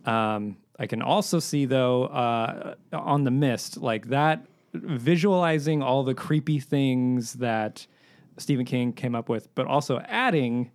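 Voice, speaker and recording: Guy judging a podcast debate, halting, lots of ums, mid-pitched voice. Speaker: podcast judge. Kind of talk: casual chat.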